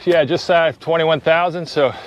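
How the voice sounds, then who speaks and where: A man's voice: a little high, steady tone, moderate pace, highs cut off, a little hiss or hum. A man on a bicycle outdoors, live-streaming a charity ride, out of breath and chatting casually between climbs. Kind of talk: casual live-stream chat while riding. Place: outdoors on a bicycle on country roads.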